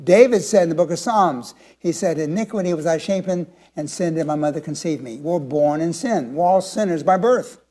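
A seventy-year-old pastor preaching a sermon in a notably high-pitched voice. He asks the congregation questions and swings from hushed, confiding moments to emphatic declarations. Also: normal speed, few pauses. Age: 70s.

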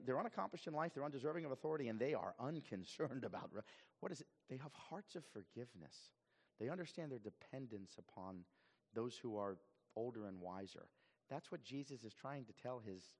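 A male pastor preaching a sermon in an animated way, often repeating words as he goes. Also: medium pitch, in a large hall.

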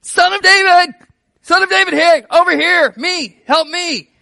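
A man voicing a blind male beggar who shouts and pleads for help in a retelling from a sermon. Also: fairly high pitch, lively intonation, fast, breathy edge, no room sound, heavily acted. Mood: desperate.

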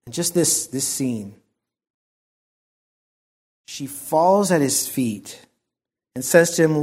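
A man preaching a sermon in an earnest, reflective way, often dropping to a soft hush. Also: a little high, slow pace, pauses often.

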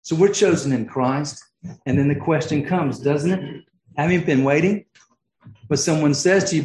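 A male preacher delivering a sermon with fervent swings between exclamations and hushed near-whispers. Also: fairly high pitch, moderate pace, echoey room, low-quality recording.

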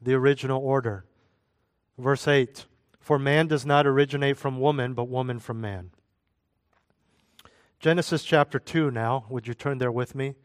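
A man's voice: mid-range voice, steady tone, moderate pace, pauses often, no room sound. A man preaching a sermon as a pastor, conversational, with asides and jokes.

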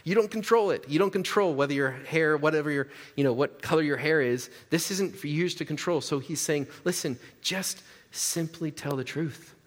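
A male pastor delivers a relaxed, conversational sermon with joking rhetorical asides. His voice sits a little high for a man. It rings through a church hall with a long reverb tail. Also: brisk, few pauses.

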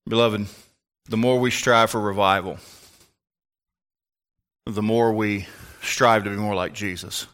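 A man's voice: fairly low pitch, fairly even intonation, a little slow, long pauses, fairly bright tone. An older man, a pastor, preaching a sermon in an emphatic, folksy way with asides to the congregation.

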